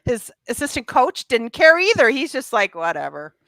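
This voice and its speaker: A woman's voice: high voice, lively intonation, normal speed, a bit bright, dry recording. A woman guest on a movie review podcast, chatting and laughing about a film. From small town. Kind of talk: casual movie review chat.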